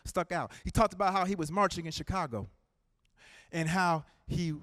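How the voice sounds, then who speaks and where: A man with a high voice delivers an impassioned rally speech in a dry, close sound. He stacks rhythmic repeated phrases. He moves between ringing calls and quiet, intimate storytelling. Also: moderate pace, dry recording. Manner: rhythmic repetition, swinging from loud calls to hushed storytelling. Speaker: political speaker. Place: community center hall.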